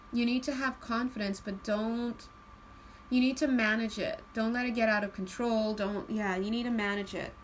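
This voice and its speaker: A woman giving a casual spiritual card reading, chatty and laughing often, slowing into a calm tone at times. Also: a little high, slight background noise, low-quality recording. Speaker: tarot card reader.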